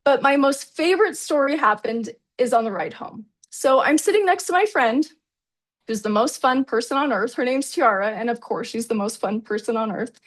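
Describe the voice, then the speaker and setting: A woman's voice: a little high, normal speed. A woman presenter telling a personal travel story in an enthusiastic, chatty way, often calling the audience "you guys.". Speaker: presenter at a product launch.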